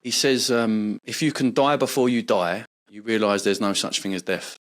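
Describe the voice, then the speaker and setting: A man's voice: lowish voice, fairly even intonation, moderate pace. A man who is a guest on a podcast, talking earnestly and passionately in casual conversation and swearing now and then.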